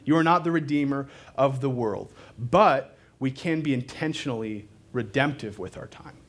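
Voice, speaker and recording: A man delivers a sermon in a relaxed, conversational way, weaving in casual fillers and jokes at his own expense. His voice sits at an ordinary middle pitch. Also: moderate pace. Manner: conversational and loose, with fillers and self-deprecating asides. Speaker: preacher. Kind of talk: sermon to a live congregation.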